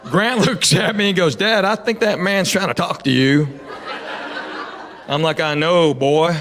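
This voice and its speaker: A man's voice: high voice, unhurried. A middle-aged man doing a stand-up comedy set, telling stories and acting out the dialogue. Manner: storytelling, acting out dialogue with character voices. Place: large venue with live audience laughing. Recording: echoey live venue with crowd noise.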